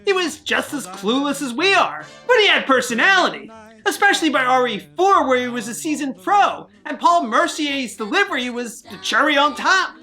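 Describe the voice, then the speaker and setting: Bright, lively woman game reviewer. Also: high-pitched. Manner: wry, sarcastic, jokey. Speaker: video game reviewer, host. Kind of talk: scripted review narration.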